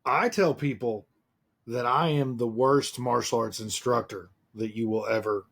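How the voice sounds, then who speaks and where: A man's voice: medium pitch, measured pace, gravelly, a bit bright. A man hosting a podcast, talking in a curious, reflective way. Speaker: podcast host. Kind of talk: casual conversation.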